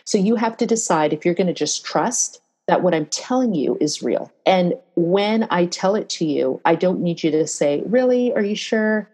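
Woman guest, husky and a bit low, earnest, direct interview talk. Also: moderate pace, few pauses, rough recording. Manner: earnest and direct, animated when telling stories, frequent "right?". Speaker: diversity and bias trainer, interview guest. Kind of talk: casual interview talk with storytelling.

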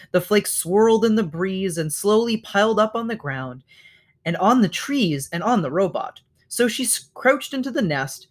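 A man reading a children's novel aloud as narrator, wry in his framing and correcting his own small slips. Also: high-pitched. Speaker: audiobook reader. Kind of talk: storybook read-aloud narration.

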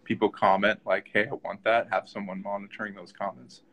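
A man's voice: lowish voice, level tone, a little fast, a bit bright, low-quality recording. A man hosting a casual live-stream chat, talking loosely with lots of fillers and tag questions. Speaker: host.

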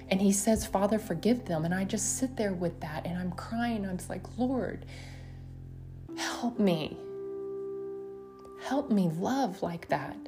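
A woman preaching a sermon in an earnest, emotional way, often stopping to voice heartfelt prayers. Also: fairly low pitch. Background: music.

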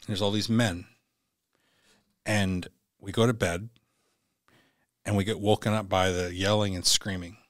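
A middle-aged man with a lowish voice tells a personal story as a podcast guest. He is blunt and profane and acts out the lines he quotes. His voice sounds dry and close, with no room echo. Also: little pitch movement, unhurried, pauses often, fairly bright tone. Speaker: podcast guest, former Navy SEAL.

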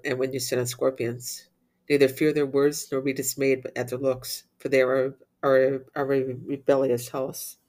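Man reciting prayers in a flat, even voice. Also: mid-range voice. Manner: steady chanting recitation with slips and restarts. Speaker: prayer leader.

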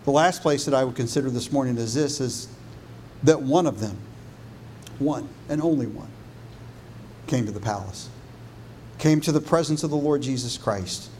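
A man preaching a sermon as pastor, building on repeated phrases and dropping low and soft for emphasis. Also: normal speed, long pauses, a little hiss or hum.

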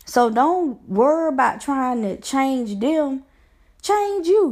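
A woman's voice: high-pitched, very animated, takes it slowly, a little mellow. A woman life coach giving an earnest, preacher-like pep talk on faith, repeating phrases for emphasis. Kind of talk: motivational faith talk to camera.

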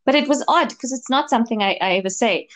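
A woman's voice: fairly high pitch, fast, fairly bright tone. A woman co-hosting a casual chat, telling a long personal story with many fillers and restarts. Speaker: podcast co-host, medium.

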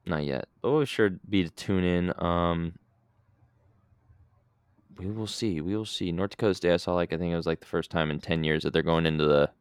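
A man co-hosting a casual sports podcast, relaxed and rambling as he talks through the games. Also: low-pitched, brisk, clear, resonant tone, dry recording. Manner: relaxed, rambling, frequent fillers. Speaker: podcast co-host.

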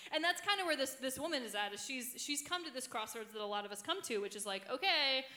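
A woman's voice: high-pitched, lively intonation, fast, sharp tone. A woman teaching in a sermon with a conversational delivery, acting out quoted thoughts.

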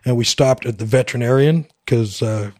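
Speaking fairly quickly in a mid-range, darkish voice, a middle-aged man from Canada recounts his story as a veteran guest on a podcast. He's candid and wry, voices the dialogue himself, and leans on lots of fillers.

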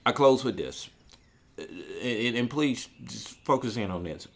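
An earnest man preaching a sermon in a voice of middling pitch that rises and falls widely. He often restarts and repeats key phrases, then slows down when reading scripture aloud. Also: animated, vocal fry. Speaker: church worker preaching.

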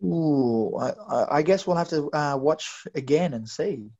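A man co-hosting a wrestling recap show speaks at a measured pace, his slightly high voice expressive and darkish in tone. He muses chattily and restarts with stammers, over a lo-fi recording that sounds a bit dull.

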